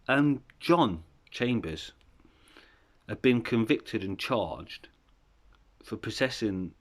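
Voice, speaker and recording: A man's voice: medium pitch, expressive, slow. A man telling his life story in a candid, rambling way, swearing freely. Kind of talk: casual storytelling.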